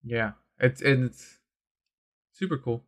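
A man in casual chat about a comic, talking excitedly with many fillers and some swearing. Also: mid-range voice. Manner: excited, fast, full of filler words and swearing. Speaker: comic discussion co-host.

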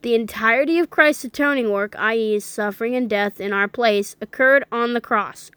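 A woman reading a critique aloud and breaking off into indignant, incredulous commentary, with some halting restarts. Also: fairly high pitch, fairly bright tone, smooth, no echo. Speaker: religious commentator.

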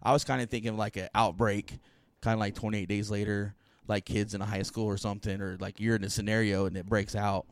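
A man's voice: lowish voice, level tone, a little fast, hardly any pauses, no room sound. A man hosting a casual podcast chat, telling rambling stories and laughing often. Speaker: podcast host.

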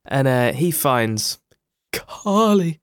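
A man's voice: mid-range voice, big pitch swings, very slow, dry recording, clean studio sound. A man hosting a casual chat who steers the talk and retells scenes.

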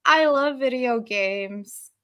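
A woman from Australia, a podcast guest in casual chat, blunt and quick to laugh. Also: fairly high pitch, fairly bright tone, smooth, muffled recording.

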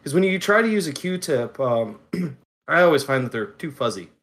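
A man's voice: on the high side, very animated, normal speed, a bit bright. A man in casual chat, talking through his hobby steps while he works. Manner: chatty, explains hobby steps while working.

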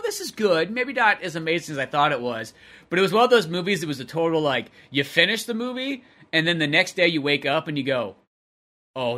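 A man's voice: fairly high pitch, sharp tone. A man co-hosting a podcast, chatting casually in a rambling way, full of filler words. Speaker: podcast co-host.

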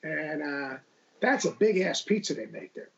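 Middle-aged male guest, gravelly, rambling anecdotes, muffled remote-call sound. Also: a little high, sing-song, normal speed. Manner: rambling, restarts a lot, gravelly. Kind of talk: casual storytelling interview.

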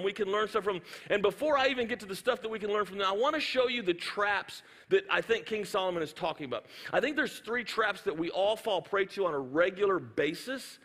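A male pastor, preaching with animated storytelling and playful sound effects. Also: sits high. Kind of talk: sermon. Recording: hall reverb.

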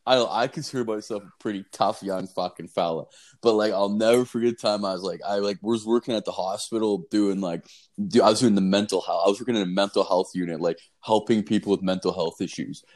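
A man's voice: lowish voice, fairly even intonation, fairly quick, a little mellow. A man in his twenties from Canada, casually telling a profane story on a podcast with lots of filler words. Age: 20s.

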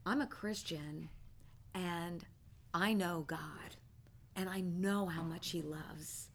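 A woman teaching a ministry class, telling stories in an animated way and often breaking into laughter. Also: lowish voice, slow pace, a little hiss or hum. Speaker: church teacher.

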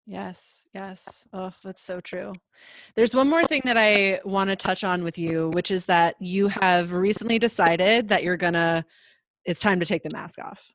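A woman's voice: mid-range voice, unhurried, dry recording. A woman hosting a podcast, speaking in a gushing, enthusiastic and affirming way. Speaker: podcast host. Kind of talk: casual conversational interview.

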